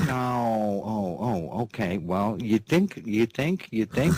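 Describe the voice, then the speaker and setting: Deep drawling folksy man. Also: animated, a little slow, few pauses, heavy background noise. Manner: drawling, repeats "that's right", chuckles between phrases; playful cowboy-style banter with an off-mic partner. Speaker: host of a news and commentary show. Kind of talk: folksy comic monologue.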